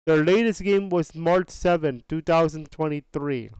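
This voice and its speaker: A man hosting a podcast, talking casually through game sales data in an unhurried, chatty way, often restarting his phrases and dropping slangy asides. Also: on the high side, darkish tone, clear, resonant tone, dry recording, poor audio. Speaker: podcast host.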